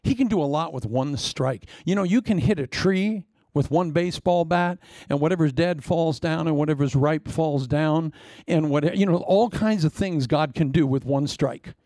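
A man preaching a sermon, blunt and teasing, swinging between sudden loud bursts and hushed, near-whispered asides. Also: fairly high pitch, normal speed, no echo, clean studio sound. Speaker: pastor.

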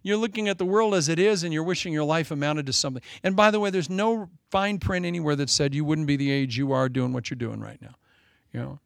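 Gravelly animated preacher in his forties. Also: on the high side, quick pace, hardly any pauses, dry recording, studio quality. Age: 40s. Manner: animated, joking, self-mocking asides. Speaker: pastor. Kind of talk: sermon.

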